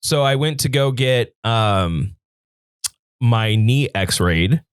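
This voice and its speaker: Casting: young adult male podcast co-host, deadpan storyteller, dry close sound. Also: medium pitch, very slow, clean tone, no echo. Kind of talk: casual comedic chat.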